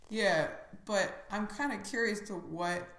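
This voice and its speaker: A woman's voice: medium pitch, a little slow, a bit bright, roomy sound. A woman co-hosting a podcast, chatting casually and laughing easily, with lots of likes and fillers. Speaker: podcast co-host. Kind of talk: casual comedic chat.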